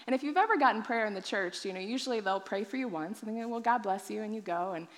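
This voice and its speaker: A woman's voice: mid-range voice, fast, big-room sound. Woman pastor telling her testimony. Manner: animated storytelling, acts out her own past thoughts. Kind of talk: sermon testimony.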